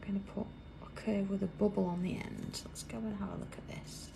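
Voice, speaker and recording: Gravelly British woman, chatty craft demo. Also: medium pitch, steady tone, a little fast, background noise. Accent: British English. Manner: chatty, drops to a soft whisper while drawing. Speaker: craft demonstrator hosting a live stream. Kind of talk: live craft tutorial chat. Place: busy indoor craft workroom.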